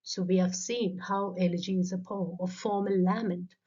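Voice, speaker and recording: In a warm, husky, fairly low voice with mostly even intonation and normal speed, a literature teacher reads a scripted lecture. She explains terms step by step, and the voice-over has a dull lo-fi quality.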